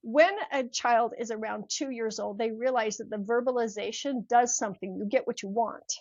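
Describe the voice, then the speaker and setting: A slightly high-voiced older woman, a mindset coach, speaks at a normal speed while telling a personal story in a podcast interview. She's lively, acting out the voices in her tale. The audio is muffled, with no echo.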